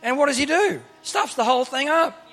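A male preacher with a high-pitched, forceful voice delivers a sermon to a gathered crowd. He tells the stories with humor and plays the characters in between his own questions to the listeners. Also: fairly quick, faint music behind. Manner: lively storyteller who acts out Bible characters with humorous asides; speaks to a crowd with frequent questions.

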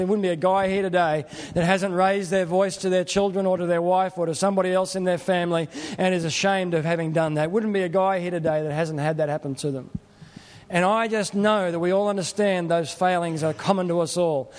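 Higher-voiced preacher in a hall. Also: male voice, steady tone, a little fast. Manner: conversational, earnest, plain-spoken. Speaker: pastor. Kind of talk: sermon.

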